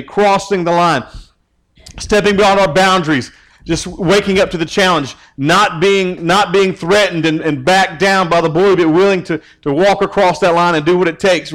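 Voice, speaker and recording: A youth pastor gives a relaxed sermon. He teases his listeners and keeps throwing questions at them, his voice sitting slightly high for a man. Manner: joking, teasing, asks the group questions.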